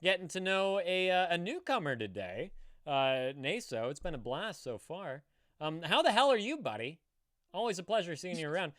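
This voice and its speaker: A man's voice: sits high, sing-song, normal speed, fairly bright tone, no echo, clean studio sound. An American man hosting a live stream in casual chat, swearing freely and greeting viewers by name. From United States. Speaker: streamer host.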